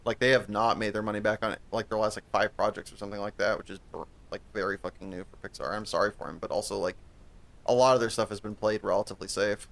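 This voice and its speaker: His voice is fairly low, gravelly yet a bit bright, with fairly even intonation and a fast pace. Co-hosting a podcast, he chats casually about a movie, rambling, cursing liberally, and restarting often.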